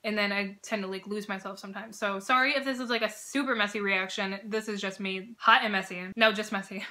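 A woman hosting a reaction video, gushing and swearing with bursts of loud exclamations. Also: mid-range voice, steady tone, a little fast. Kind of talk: excited reaction commentary. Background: music video playing.

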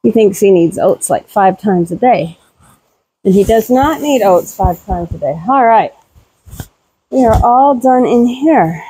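A woman's voice: medium pitch, expressive, measured pace, warm tone, breathy edge, poor audio. A middle-aged woman chatting casually while doing farm chores in a barn, talking to her animals as she works. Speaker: homesteading vlogger.

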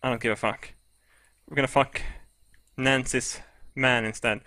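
A man doing let's play commentary on a game, excitable and crude, with loud shrieks and laughter. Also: medium pitch, a little slow, no echo. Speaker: gaming video host.

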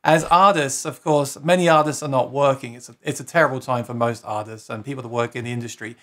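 A man's voice: medium pitch, steady tone, fast talker, fairly bright tone. A man from New York City hosting a casual live-stream interview, chatty and enthusiastic, greeting viewers as he goes. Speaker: host.

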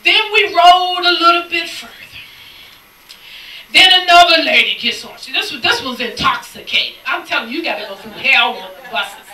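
A woman preaching a sermon, telling a lively story and acting out the people in it, sometimes shouting and laughing. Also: high-pitched, normal speed. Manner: animated storytelling, acts out quoted people; shouts and laughs between lines. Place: church sanctuary. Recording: echoey church sound from a distant mic.

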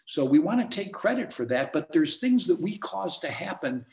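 A man's voice: fairly high pitch, sing-song, moderate pace, darkish tone. A man teaching a sales seminar for real estate agents, with an emphatic coaching delivery. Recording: echoey room.

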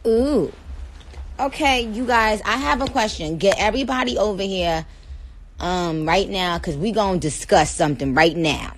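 A woman's voice: mid-range voice, slight background noise, poor audio. A woman with a New York accent chatting casually and playfully to viewers on a phone livestream, stretching out her words with attitude. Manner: sassy, playful, drawn-out words. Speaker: livestream host.

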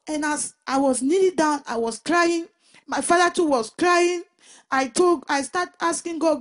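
A woman giving a personal Christian testimony in an emotional, halting way, often restarting and repeating her words. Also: high voice. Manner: emotional retelling.

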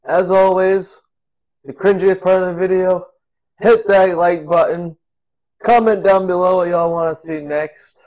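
A man with a slightly high voice talks his way through a home cooking video. He is goofy and rambling, laughing at his own jokes. He sounds like he is in his own kitchen. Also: fairly even intonation, unhurried, darkish tone, dull audio. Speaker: cooking vlogger. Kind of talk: casual cooking vlog.

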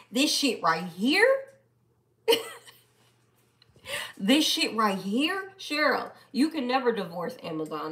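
A woman chatting casually on a live stream, playful and animated as she talks back to her viewers. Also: on the high side. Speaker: live-stream host reading viewer comments.

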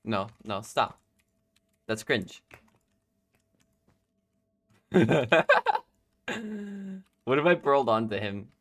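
Gaming YouTuber, male, bright and bouncy delivery, laughs a lot, chats at opponents mid-game. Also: on the low side, takes it slowly. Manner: excitable, laughs often, talks to himself and opponents. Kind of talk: live gameplay commentary.

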